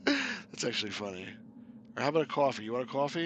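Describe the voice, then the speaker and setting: A man's voice: mid-range voice, huge pitch swings, quick pace, a bit bright, highs cut off, slight background noise. A man casually commenting on a point and click game as he plays, joking and laughing often. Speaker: game reviewer. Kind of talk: casual let's-play commentary.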